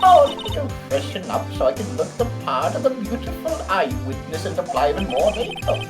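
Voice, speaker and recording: A vain, excitable elderly woman, acted by a man, purrs and swoops through her lines in a sing-song drawl. Her voice sits high and wildly lively. Game music plays underneath. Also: a little fast. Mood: excited. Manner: coquettish, sing-song old-lady drawl. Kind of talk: voicing game characters over a stream.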